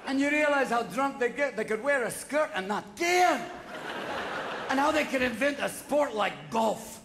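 Manic profane stand-up comedian. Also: male voice, very high-pitched, lively intonation, crowd noise, background noise. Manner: manic, profane, rapid-fire riffing. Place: large theater stage. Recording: live theater recording with audience laughter.

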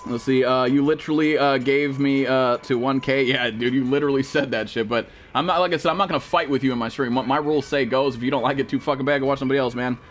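A man's voice: mid-range voice, fairly even intonation, fast, few pauses, soft background music. A young man streaming a game live, talking to his chat in a blunt, profane, scolding way. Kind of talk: live gameplay stream commentary.

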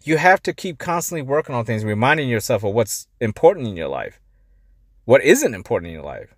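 A man hosting a motivational life-coaching podcast. He talks bluntly, swears, and swings between quiet asides and emphatic pushes. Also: mid-range voice, sing-song, brisk, no echo, clean studio sound. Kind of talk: motivational monologue.

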